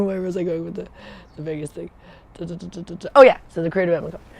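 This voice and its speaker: A woman's voice: fairly low pitch, steady tone, rapid-fire, vocal fry, darkish tone, husky. A woman telling a casual story in a loose, rambling way. She wanders off on side paths, loses her thread and laughs often as she goes. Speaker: Air Force veteran telling stories on a livestream.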